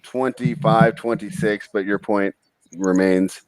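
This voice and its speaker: Show host, male, low-ish voice, dry close sound, relaxed betting banter with fillers. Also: clear, resonant tone, no room sound. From Northern California. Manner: easygoing, quick laughs, frequent fillers. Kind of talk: casual live game chat.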